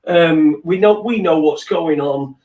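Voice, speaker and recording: Male host, slightly high voice, hesitant with fillers; far from mic, echoey room, online call. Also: a little slow, darkish tone. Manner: hesitant, fillers between thoughts. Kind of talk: casual chat.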